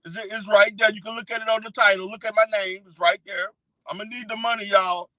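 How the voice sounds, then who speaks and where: A man's voice: high-pitched, fairly even intonation, a little fast, bright, forceful tone, no echo, poor audio. A man putting on a whiny, self-pitying pastor who begs for money and swears, in a mock-tearful parody. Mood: pleading. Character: whiny self-pitying middle-aged male pastor begging. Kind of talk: parody impression.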